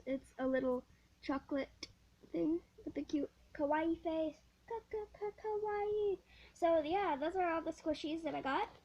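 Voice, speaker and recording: High-voiced excitable teen girl vlogger. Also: dull audio. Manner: excitable, giggly, gushing. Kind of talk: casual unboxing vlog.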